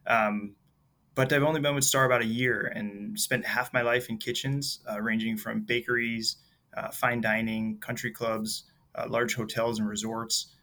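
Male industry guest, bright tense tone, measured answers. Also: medium pitch, level tone. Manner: measured, with many ums. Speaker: podcast guest, industry sales executive. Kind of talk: casual interview answers.

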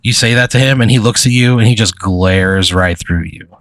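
Rambling game master, lowish voice, dry close sound, lots of uh and like. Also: male voice, normal speed, a bit bright, no echo. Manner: rambling, filler-heavy narration. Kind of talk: narrating a tabletop role-play.

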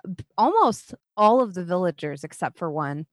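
A woman's voice: fairly low pitch, big pitch swings, moderate pace, no room sound. A woman narrating as the dungeon master of a tabletop game, casual and full of fillers.

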